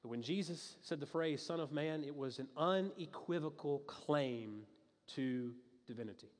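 A male pastor with a voice on the high side preaches a sermon at a moderate pace. He talks conversationally and emphatically, often restarting and adding asides. The recording carries the long reverb of a large hall.

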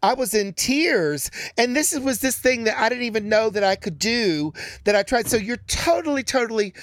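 A drag performer co-hosting a podcast, talking quickly with dry, teasing remarks. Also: medium pitch, lively intonation. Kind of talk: casual podcast chat.

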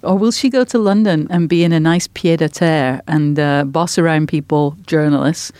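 A woman co-hosting a podcast in casual chat, animated and quick-witted, with exasperated outbursts. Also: low-pitched, no echo. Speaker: podcast co-host.

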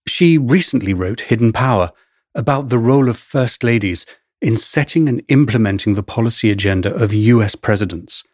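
Husky English man narrating his memoir. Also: medium pitch, expressive, a little mellow, dry recording, studio quality. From England. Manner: wry, measured storytelling. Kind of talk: first-person memoir narration.

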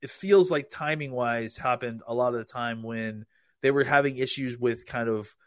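A man's voice: medium pitch, normal speed, dry recording. A man analyzing football in casual podcast talk, rambling with frequent restarts.

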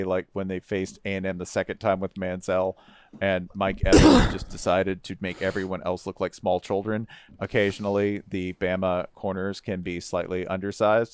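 A man co-hosting a casual sports chat, jokey and animated, swearing freely. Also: sits low, clear, resonant tone. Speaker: podcast co-host.

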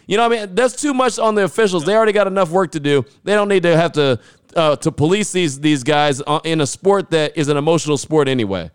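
Male sports talk co-host: high, smooth, easygoing joker, dry close mic. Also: quick pace, no echo. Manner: easygoing, joking, rambling with restarts. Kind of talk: casual sports debate.

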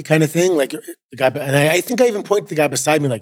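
Relaxed Canadian man telling stories. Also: mid-range voice, fast talker, few pauses, dry recording, studio quality. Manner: relaxed storyteller, many fillers. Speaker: guest, former wrestler. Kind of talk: casual interview chat.

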